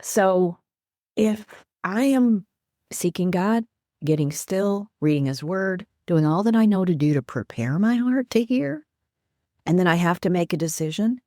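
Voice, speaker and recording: A woman guest who is a life coach and minister, talking earnestly about faith and quoting scripture in an animated, preacherly way. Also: fairly low pitch, measured pace, no room sound, clean studio sound. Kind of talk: earnest faith-based teaching in conversation.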